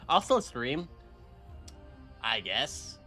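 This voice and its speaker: A man's voice: medium pitch, very animated, extremely slow, pushed and bright, faint music behind. A man streaming a game and ranting in frustration, laughing often as he talks to his chat. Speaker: gaming streamer. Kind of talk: live-stream commentary.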